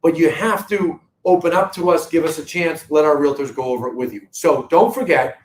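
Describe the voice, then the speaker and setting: A man's voice: fairly high pitch, brisk, roomy sound, poor audio. A middle-aged man with a Boston accent hosting a live real estate update, talking to viewers in an earnest, emphatic sales manner. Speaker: real estate company host. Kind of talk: live video market update.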